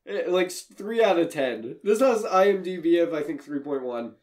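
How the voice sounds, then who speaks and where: A man's voice: a little high, animated, moderate pace, a little mellow. A man casually recapping a bad movie on a podcast, rambling, laughing often and swearing as he goes. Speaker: podcast co-host.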